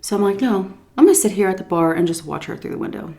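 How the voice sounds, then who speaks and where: A woman vlogger in casual storytime chat, animated, laughing often and acting out what people said. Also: medium pitch, fast talker. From United States.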